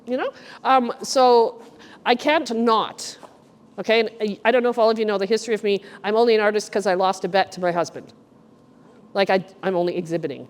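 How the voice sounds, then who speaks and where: A middle-aged woman curator giving a chatty, animated walk-through talk to a group in an art gallery. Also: mid-range voice. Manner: chatty, animated storyteller, addresses the group directly. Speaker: guest curator. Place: art gallery exhibition room.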